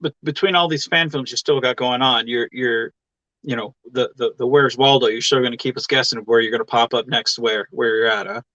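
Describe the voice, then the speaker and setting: A man's voice: medium pitch, steady tone, brisk, sharp tone, dry recording. Laid-back male host, dull lo-fi audio. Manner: laid-back, swears casually. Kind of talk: casual chat.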